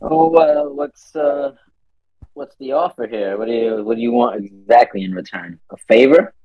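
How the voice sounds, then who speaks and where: Gravelly, playful man on a dull mic. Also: medium pitch, huge pitch swings, a little fast. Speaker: player.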